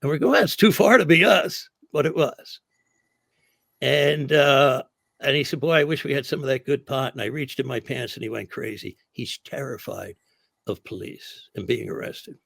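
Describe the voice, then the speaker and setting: Gravelly man spinning wild stories. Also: medium pitch, fairly even intonation, normal speed, a bit bright, no room sound. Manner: gravelly, dry storyteller acting out other people's lines. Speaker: comedian telling stories. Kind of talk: casual storytelling.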